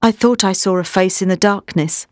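Woman voicing a young gentleman on edge, urgent, dry close sound. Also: mid-range voice, normal speed, no room sound, close to an everyday voice. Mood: tense. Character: frightened young nobleman.

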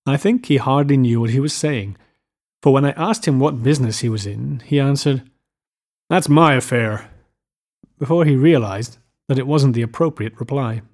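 Measured male audiobook narrator. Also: medium pitch, warm tone. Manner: measured, descriptive reading. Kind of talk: scripted literary narration.

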